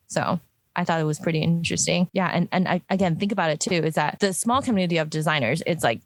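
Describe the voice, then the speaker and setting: Low-pitched woman designer rambling chatty with lots of likes and uhs, dry close sound. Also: no room sound. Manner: chatty, many fillers and restarts. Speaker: product designer. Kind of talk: casual conversational discussion.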